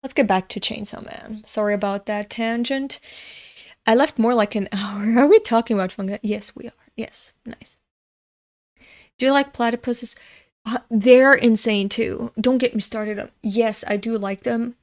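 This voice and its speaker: A woman's voice: on the high side, moderate pace. A woman host chatting casually during a manga read-along, rambling off on tangents, swearing freely and talking to her viewers. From Europe. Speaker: manga reader and channel host.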